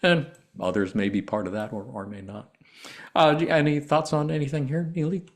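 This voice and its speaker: A man hosting a spiritual discussion podcast, speaking in a thoughtful, measured way with some hesitations. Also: medium pitch, steady tone. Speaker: podcast host.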